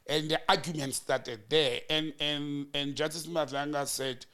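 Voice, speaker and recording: A South African political commentator with a fairly high, sharp yet smooth voice recounts a hearing blow by blow at a measured pace, barely pausing. His intonation is fairly even, but he leaps into quoted lines with sudden rises in pitch and emphasis. The animated chat stays conversational, as if he's thinking aloud.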